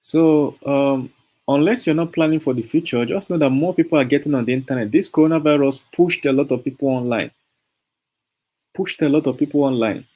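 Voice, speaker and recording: Nigerian-accented man, YouTuber, casual persuasive monologue, mid-pitched, repeats and chuckles. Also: dark tone, breathy edge. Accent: Nigerian English. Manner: emphatic and persuasive, repeats himself, chuckles often. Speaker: YouTuber selling online courses. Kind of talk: casual motivational monologue to camera.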